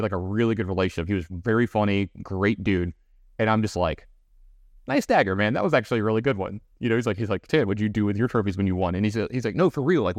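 A man talking fast and loose as he tells a funny story on a podcast. His voice sits a bit low and sounds dry and close to the mic, with plenty of fillers and quick restarts. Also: darkish tone, no room sound. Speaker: podcast co-host. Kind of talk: casual storytelling chat.

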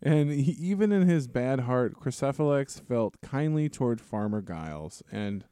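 A man on a casual podcast, briskly recapping story events between quick agreements. His voice has a middling pitch and a mellow, warm tone. The recording is dry and close. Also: lively intonation, clean tone, no room sound. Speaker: podcast co-host. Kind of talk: casual discussion with plot recap.

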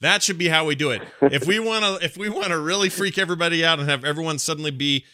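Bright-voiced joking radio host, a man. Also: on the high side, quick pace, dry recording. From Utah. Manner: casual, joking, laughs often. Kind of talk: call-in radio talk.

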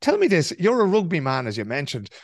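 A man hosting an interview and asking brisk, conversational questions. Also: on the high side, huge pitch swings, creaky. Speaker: radio host.

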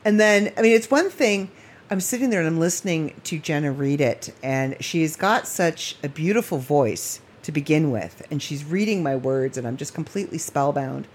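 A woman's voice: sits low, lively intonation, moderate pace, a little hiss or hum. A woman hosting her own podcast late at night, talking in a rambling, emotional way and laughing often. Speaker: podcast host. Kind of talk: casual late-night monologue.

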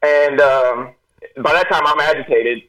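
A middle-aged man, a retired Air Force veteran, telling stories in an animated way and acting out what people said. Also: on the high side, measured pace, recorded from a distance, rough recording. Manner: animated storyteller, acts out quotes. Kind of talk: casual storytelling chat.

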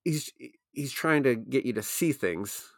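A man's voice: medium pitch, expressive, a little slow, no room sound, studio quality. A man co-hosting a philosophy podcast, talking casually and thinking aloud, with frequent restarts and repeated words. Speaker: podcast co-host.

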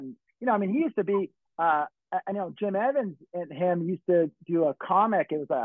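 A man's voice: high-pitched, lively intonation, brisk, no room sound. A middle-aged man from California telling stories in casual chat, rambling and swearing with many restarts. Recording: tinny phone-like dry sound.

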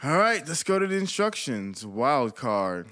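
A young man co-hosting a podcast in casual chat, earnest and animated, with loud laughs. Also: mid-range voice, measured pace. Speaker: podcast co-host.

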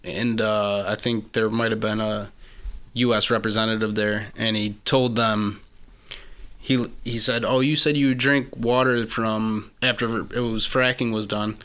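A man's voice: lowish voice, level tone, unhurried, a bit bright, smooth. A young man co-hosting a casual group podcast, rambling with many restarts and fillers. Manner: rambling, restarts often, lots of "I mean". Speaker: podcast co-host.

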